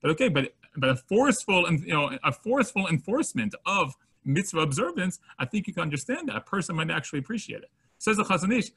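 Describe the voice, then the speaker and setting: A man with a slightly high, somewhat rough voice talks fast as he teaches Torah to students. He drops Hebrew terms into English and animatedly acts out everyday moments, quoting voices as he goes.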